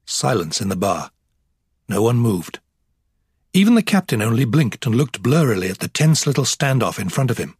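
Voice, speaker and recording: Husky male narrator for a novel; steady, measured reading. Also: mid-range voice, no echo, studio quality. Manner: measured, even storytelling. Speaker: audiobook narrator. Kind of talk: scripted narration.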